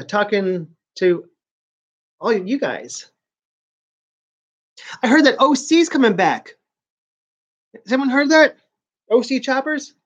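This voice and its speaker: A man's voice: high voice, fairly bright tone. Rambling New York man on a dull lo-fi stream. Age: 40s. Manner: rambling, stop-start, chatting to viewers. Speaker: live-stream host. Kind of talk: casual live-stream chat.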